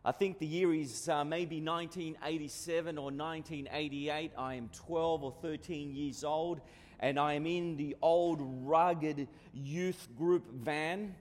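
A man's voice: on the high side, steady tone, unhurried. An Australian man in his forties preaches with a slightly raised voice, telling stories in an easy, conversational way. His words ring out with a long echo in a church hall. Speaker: pastor. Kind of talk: sermon.

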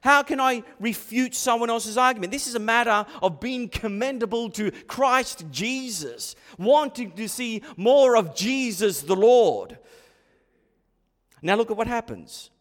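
A man's voice: extremely high pitch, lively intonation, a little slow. Impassioned preacher man in a reverberant hall. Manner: dramatic preaching, swinging from hushed to shouting. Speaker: pastor. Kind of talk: sermon.

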